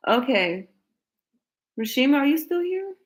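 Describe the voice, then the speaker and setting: A woman's voice: high-pitched, very animated, measured pace, low-quality recording. A woman in her later years, hosting a tarot livestream and chatting loosely with her viewers. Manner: chatty, rambling, laughs often, talks to viewers. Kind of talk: casual livestream chat.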